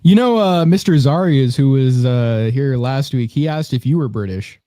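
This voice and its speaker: A man's voice: mid-range voice, animated, moderate pace, dark tone, dry recording, studio quality. A young man co-hosting a podcast in casual chat, rambling with fillers and laughing often. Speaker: podcast co-host.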